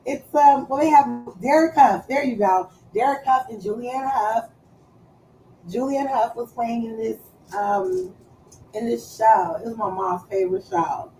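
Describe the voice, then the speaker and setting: A woman chatting casually on a live stream, loud and playful, swearing freely and trailing off as she searches for words. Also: a little high, expressive, a little slow, soft background music, rough recording.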